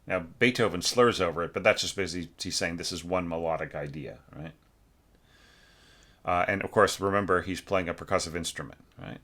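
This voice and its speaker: A man teaching orchestration, giving a relaxed score critique full of fillers and self-corrections, now and then singing phrases on nonsense syllables. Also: low-pitched, brisk. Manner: relaxed, thinks aloud, sings phrases with syllables.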